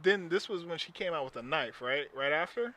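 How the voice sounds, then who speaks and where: A man with a fairly high, bright voice, chatting casually as a podcast co-host. He talks with lots of animation and slips into playful voices to act out scenes from a movie. Recorded at home. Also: brisk. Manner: animated, acts out movie lines in funny voices. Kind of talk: casual chat.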